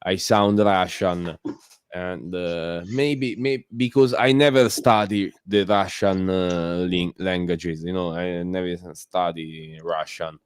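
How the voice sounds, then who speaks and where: Italian-accented man, non-native English, low and unhurried, clear dry sound. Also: dry recording. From Italy. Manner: halting, many fillers and restarts. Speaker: guest caller on a community stream. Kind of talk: casual chat.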